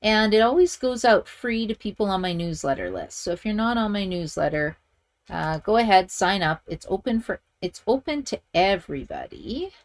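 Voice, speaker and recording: A middle-aged Canadian woman with a mid-range, sing-song voice hosts a live-streamed stamping tutorial on card-making. At a normal pace, she chats and thinks out loud while working and reading viewer comments.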